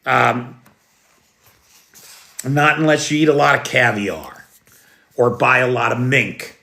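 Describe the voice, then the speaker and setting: An American man hosts a live news stream and answers his chat as he goes. He talks slowly and deliberately in a mid-range voice. His tone is blunt and sarcastic, and he swears now and then. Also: medium pitch, creaky, sharp tone. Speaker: livestream news host. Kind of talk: unscripted live news commentary.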